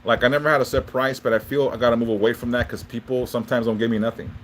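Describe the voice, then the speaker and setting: A man's voice: medium pitch, flat delivery, racing, slight background noise. A man hosting a casual livestream, rambling with lots of restarts and swearing freely as he chats with viewers and gives spiritual readings. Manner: rambling, profane, frequent restarts. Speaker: livestream host and spiritual reader.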